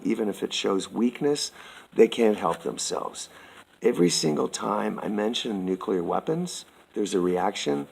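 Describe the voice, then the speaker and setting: Gravelly-voiced man reading a formal statement. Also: lowish voice, a little mellow, rough recording. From Canada. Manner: slow, formal and earnest, addressing the listener as sir. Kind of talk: reading a prepared statement aloud.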